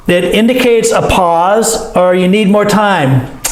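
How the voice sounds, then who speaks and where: A man teaching a language lesson, slowly acting out each sound he explains. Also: sits high. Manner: slow, demonstrative, acts out each sound. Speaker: English teacher. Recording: echoey room.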